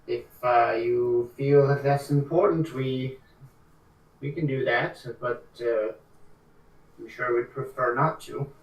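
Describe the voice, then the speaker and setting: Measured, polite man in an echoey room. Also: medium pitch, steady tone. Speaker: player.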